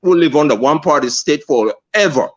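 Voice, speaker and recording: A man from Sierra Leone with a Sierra Leonean accent, speaking earnestly and emphatically as a caller in a live discussion, repeating phrases and pausing on fillers. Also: on the high side, animated, highs cut off. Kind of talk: impassioned call-in discussion.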